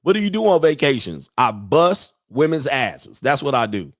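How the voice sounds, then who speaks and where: A man's voice: medium pitch, sing-song, moderate pace, dry recording, clean studio sound. Profane man ranting on a livestream. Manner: profane, mocking, often laughs. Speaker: host of a dating and lifestyle livestream. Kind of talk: livestream commentary rant.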